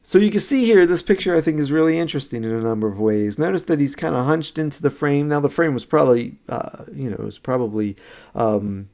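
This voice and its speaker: Man, gravelly voice, lecturer, slideshow lecture, loose conversational delivery, lots of "um" and "right?". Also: on the high side, lively intonation, fairly quick, darkish tone. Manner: conversational, many fillers and restarts, often asks "right?". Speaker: music history lecturer.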